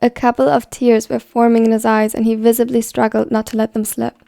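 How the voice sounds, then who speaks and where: A woman reading a story aloud in a steady, even scripted narration. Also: a little high, brisk, creaky, no echo. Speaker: fan fiction reader.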